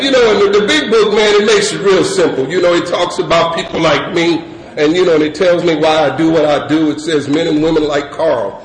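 A middle-aged man from California telling a rambling, laughing personal story to a crowd, full of fillers. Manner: loose rambling storyteller, many fillers, breaks into high laughing voice. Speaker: speaker sharing recovery story. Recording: echoey room with crowd noise.

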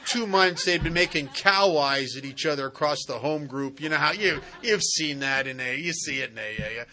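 A man's voice: on the high side, lively intonation, normal speed, sharp tone. A man speaking at a recovery meeting, telling funny stories about relationships in a folksy, wisecracking, emphatic way. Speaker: AA speaker sharing his story. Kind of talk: humorous recovery talk at a meeting.

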